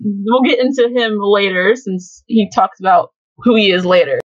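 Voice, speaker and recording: A woman's voice: mid-range voice, moderate pace, dry recording, dull audio. A young woman hosting a casual fan podcast, chatty and giggly, with lots of fillers. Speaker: podcast host.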